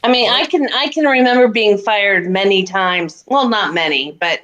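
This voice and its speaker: A woman in easygoing podcast chat, her voice at an ordinary middle pitch. She rambles with plenty of fillers and restarts, offering friendly asides. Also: moderate pace, a bit bright, dull audio. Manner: chatty, many fillers and restarts.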